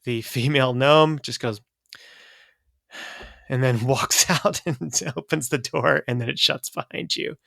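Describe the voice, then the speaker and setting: A man running a tabletop game as game master, describing scenes haltingly with many fillers. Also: medium pitch, creaky, pushed and bright, dry recording, clean studio sound.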